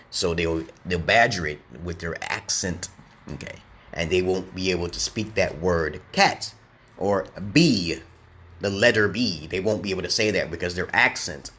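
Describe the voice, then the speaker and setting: A man's voice: sits low, a bit bright. A man streaming casually as an online English teacher, who rambles and lectures, tags his sentences with "okay?" and answers viewer comments.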